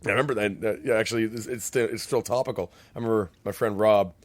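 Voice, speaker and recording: A man co-hosting a casual podcast chat, profane and quick to laugh, often acting out the voices of people he describes. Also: on the low side, steady tone, no echo. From Canada. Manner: profane, laughs a lot, acts out quoted voices. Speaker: podcast co-host.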